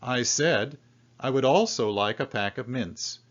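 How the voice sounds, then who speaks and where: A shy, lonely middle-aged man, voiced by a male storyteller speaks in a mild, polite way. He talks slowly and sounds quietly pleased. The recording is dull and lo-fi. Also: mid-range voice, animated.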